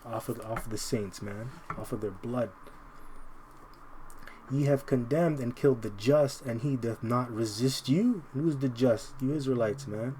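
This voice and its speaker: Combative man preaching, mellow tone. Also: mid-range voice, a little hiss or hum. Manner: combative, repeats "man" constantly; reads verses slowly and deliberately. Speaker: Bible teacher. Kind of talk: informal scripture commentary.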